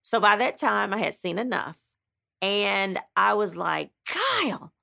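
A woman's voice: medium pitch, a little slow, creaky, pushed and bright. A woman, an author, retelling a personal story in a dramatic, blunt and emphatic way, with frequent asides. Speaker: author recounting her own story.

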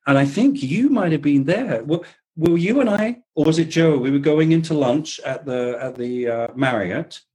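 A man guest on a video-call interview, reminiscing in a halting way with repeated words. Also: fairly high pitch, lively intonation, warm tone, husky, rough recording. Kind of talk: casual interview chat.

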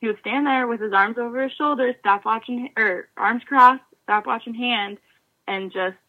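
A woman in her twenties, a former college swimmer, telling animated stories in a casual interview and acting out remembered dialogue. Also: on the high side, moderate pace, phone-quality sound.

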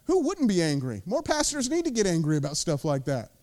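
A man's voice: high-pitched, huge pitch swings, brisk, a little mellow. An American man preaching a sermon as lead pastor, intense and emphatic, with casual asides.

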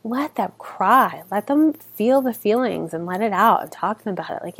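A woman in her thirties talks straight into a close mic for her own podcast. Her middle-pitched voice comes across earnest and conversational, full of casual fillers. The room is dead and dry. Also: animated, normal speed, hardly any pauses, husky, dry recording. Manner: earnest, conversational, heavy use of "like". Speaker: podcast host. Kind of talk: solo podcast monologue.

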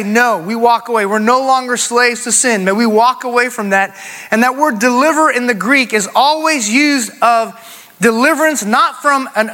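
Middle-aged guy preaching a sermon, pretty high voice, bright and punchy, lots of repeating himself. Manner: preaching with call-and-response and emphatic repetition. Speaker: pastor.

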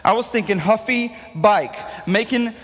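A young man with a notably high voice tells an animated, playful story as a youth speaker. His jokey delivery rings out with a long hall reverb. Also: a little slow. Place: large hall before an audience.

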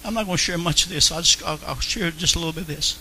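A man shares his personal testimony with an earnest, storytelling delivery. His voice sits high and sounds strikingly bright and sharp, and he repeats phrases for emphasis. A faint hiss runs under the recording. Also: racing, rough recording. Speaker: Christian testimony speaker.

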